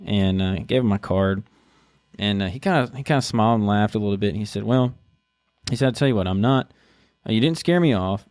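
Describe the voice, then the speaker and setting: Man from Texas, low gravelly voice, halting casual storytelling, dry close sound. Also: a little mellow, dry recording. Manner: halting, many restarts and fillers. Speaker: podcast host.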